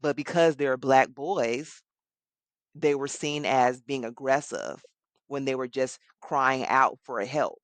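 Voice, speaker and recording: A woman hosting an interview, speaking in an affirming, animated, conversational way about her mental health work. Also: very deep voice, slow pace, no echo. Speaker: host, mental health worker.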